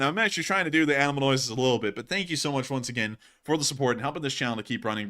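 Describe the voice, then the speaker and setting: A man hosting a livestream, chatting casually and jokingly as he reads out viewer donations. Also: medium pitch. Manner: animated and jokey, lots of fillers. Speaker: livestream host.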